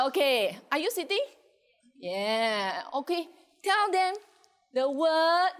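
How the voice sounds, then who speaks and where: High-voiced Singaporean woman teaching. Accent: Singaporean English. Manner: animated, constantly checking in with the audience. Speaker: early childhood educator presenting at a conference. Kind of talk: conference workshop talk.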